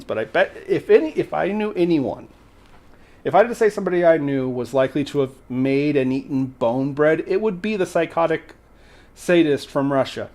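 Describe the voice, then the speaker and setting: A man hosting a livestream, retelling a folk tale in a casual way with animated, exasperated banter aimed at the chat. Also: fairly high pitch. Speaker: host.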